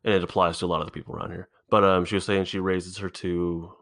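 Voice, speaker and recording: Deep-voiced man thinking out loud. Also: level tone. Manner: rambling, halting, with frequent swearing and restarts. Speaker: podcast host. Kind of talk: solo podcast monologue, thinking out loud. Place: indoor room.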